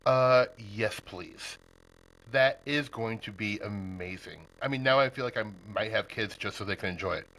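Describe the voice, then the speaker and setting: A man's voice: fairly low pitch, moderate pace, pushed and bright, poor audio. A man from Nebraska hosting a podcast, chatting casually and laughing often with his guest. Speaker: podcast host. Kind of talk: casual interview chat.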